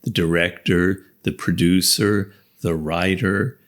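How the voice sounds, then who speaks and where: A man's voice: low-pitched, fairly even intonation, takes it slowly. An American man, a guest author, talking through ideas in an interview, building points with repeated phrases. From United States. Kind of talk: conversational interview.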